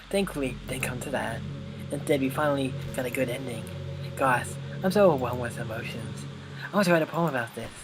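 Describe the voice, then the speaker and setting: A man voicing an obsessive, lovestruck young woman from a video game in a soft, slightly menacing tone, with game music behind. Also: medium pitch, normal speed, lightly acted, low-quality recording. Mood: wistful. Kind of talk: reading game dialogue aloud.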